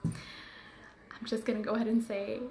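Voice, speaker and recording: A woman's voice: on the high side, level tone, measured pace, darkish tone, reverberant. A woman who works as a phone customer service agent, ranting in a casual vlog. She talks in a chatty, rambling way with many fillers and asides.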